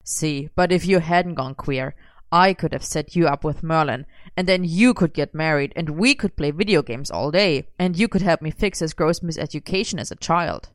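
A woman's voice: deep voice, normal speed, no echo, studio quality, close to an everyday voice. A woman reading aloud, voicing a smug, bossy young man who teases his friend. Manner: bossy, commanding.

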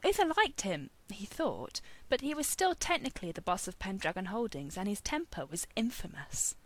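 A woman reading a story aloud as narrator, expressive and wry. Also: medium pitch, normal speed.

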